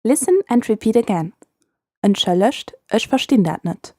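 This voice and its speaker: A woman hosting a short scripted language lesson, speaking clearly and patiently and repeating phrases slowly for learners. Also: medium pitch, animated, dark tone, dry recording, clean studio sound.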